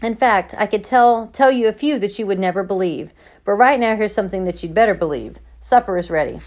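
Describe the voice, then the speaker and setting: An easygoing farm father who jokes and laughs things off, read by a woman. The voice sits at a middle pitch, close to the reader's own. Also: brisk, lightly acted. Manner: relaxed, joking.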